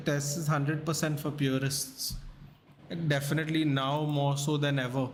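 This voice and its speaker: A man's voice: fairly high pitch, slight background noise. Chatty male sports streamer, tired. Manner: chatty, rambling, reacting to the match while answering chat. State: tired, yawning. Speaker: host of a live sports watchalong. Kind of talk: casual live-stream chat.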